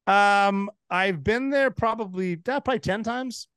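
A man in his forties from the United States, a podcast guest telling animated stories in casual chat, with restarts and laughs. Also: high-pitched, a little slow, clear, resonant tone, no echo, clean studio sound. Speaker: podcast guest, former Navy SEAL.

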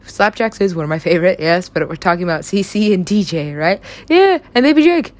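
A young woman with a voice on the low side talks fast about her own stories. Her chatter is casual and rambling, punctuated by frequent laughter and free swearing.

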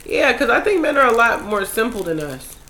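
A young woman talks in a casual group chat with a bright, forward voice. She gets animated and swears freely as she vents. The room is echoey, with a faint hiss behind her. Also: a little high, brisk. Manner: animated, swears when worked up.

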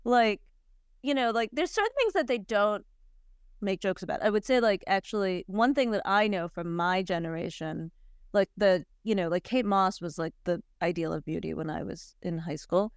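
Chatty woman podcast host, clear voice. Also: medium pitch, normal speed, no room sound, studio quality. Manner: chatty, animated storytelling with frequent "like" and laughs. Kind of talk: casual chat.

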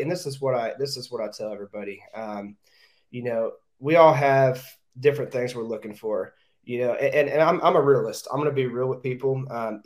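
A man who is a real estate agent, talking as a podcast guest in a direct manner, often repeating words as he thinks aloud. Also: medium pitch. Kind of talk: casual interview talk.

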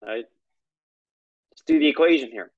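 A man's voice: mid-range voice, moderate pace, no room sound. Conversational male prayer teacher, muffled. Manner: conversational, storytelling with asides and laughs. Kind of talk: recorded lesson on prayer.

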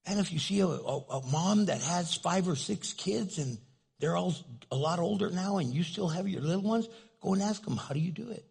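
A man's voice: sits high, expressive, normal speed, vocal fry, darkish tone, breathy edge. An older man preaching a sermon in a humorous, playful storytelling way. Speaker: pastor.

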